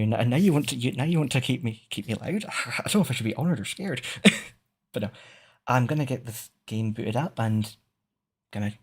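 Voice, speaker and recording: A Scottish man with a gravelly, medium-pitched voice rambles casually to his chat as a VTuber streamer, swearing and laughing often. He's using a streaming microphone.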